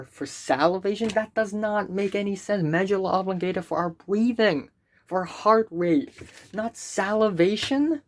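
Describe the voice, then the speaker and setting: Young woman ranting on her vlog, keeps stammering and swearing, lowish voice. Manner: exasperated, stammering repeats, swears a lot. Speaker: student vlogger.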